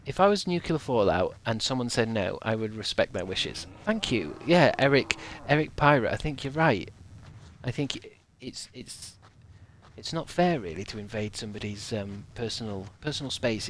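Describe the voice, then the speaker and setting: A man's voice: lowish voice, expressive, unhurried, slight background noise. An English man chatting casually on a stream, rambling and joking while he reads out viewer messages. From England. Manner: rambling and jokey.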